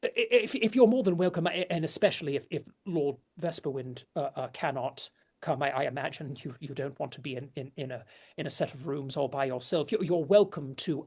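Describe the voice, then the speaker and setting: A woman's voice: extremely low pitch, brisk, a little mellow, slightly rough, heavily acted. A woman voicing a flustered noble lady hostess who stammers through fussy, polite speech in a tabletop role-play.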